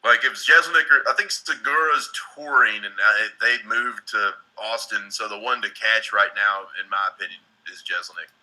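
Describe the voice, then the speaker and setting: A man's voice: on the low side, moderate pace, hardly any pauses, sharp tone, rough recording. A man in his thirties from Tennessee, a stand-up comic, chatting casually on a live stream, profane and rambling, often laughing.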